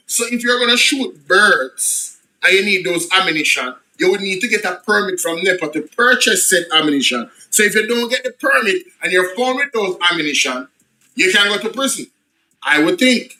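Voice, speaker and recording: A Jamaican man with a high, very sharp and bright voice reads an official report aloud. He drops into patois asides between the formal passages. He often stops to repeat phrases for emphasis. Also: lively intonation, moderate pace, rough recording. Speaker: political commentator. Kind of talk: reading a report aloud with reactions.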